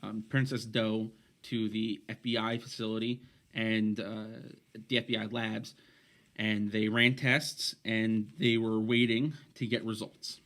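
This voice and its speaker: A man's voice: fairly low pitch, flat delivery, unhurried, fairly bright tone. A man co-hosting a casual podcast, rambling through his points with many restarts and fillers. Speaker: podcast co-host.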